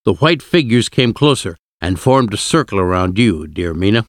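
A man reading an audiobook, voicing an older male professor who speaks slowly, gently and gravely. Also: lowish voice, animated, no echo, studio quality, natural voice. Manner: slow, measured, gentle. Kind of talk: audiobook character voice.

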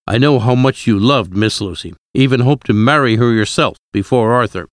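A man reading the lines of a grave older male professor in a solemn, measured way. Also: medium pitch, no room sound, studio quality, close to an everyday voice.

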